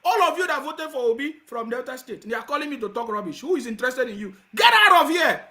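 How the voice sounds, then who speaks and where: A man's voice: very high voice, fast talker. A man with a Nigerian accent hosting a heated call-in radio show, angrily scolding and insulting callers. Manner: angry, insulting, shouting at callers.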